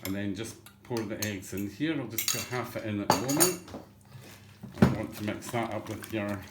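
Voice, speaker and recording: A man's voice: fairly low pitch, normal speed, heavy background noise. Man, home cooking host, cheeky rambling patter; echoey kitchen with pots and dishes clattering behind. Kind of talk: chatty cooking demonstration.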